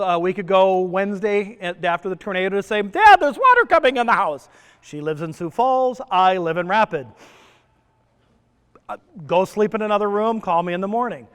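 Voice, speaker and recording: High-voiced joking male presenter. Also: clear, resonant tone. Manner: joking, asks the audience questions. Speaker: presenter at a stress summit. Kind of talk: conference talk. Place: resort conference room. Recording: long reverb of a conference hall.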